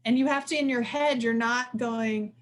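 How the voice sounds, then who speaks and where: A woman in her forties giving a casual, lively workshop talk. She talks fast and acts out quoted voices with sudden jumps up in pitch. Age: 40s. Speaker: presenter of a workshop on stress. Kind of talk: casual live lecture.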